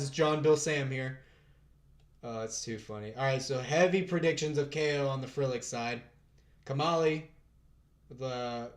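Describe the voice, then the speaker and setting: A man hosting a casual live fight stream, chatting with his viewers, thinking out loud and laughing often. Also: mid-range voice.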